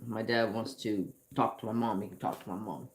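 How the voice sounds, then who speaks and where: A man's voice: lowish voice, fairly even intonation. A man hosting a craft channel, telling rambling personal stories in casual chat while he paints at home. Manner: slow, rambling storytelling with restarts.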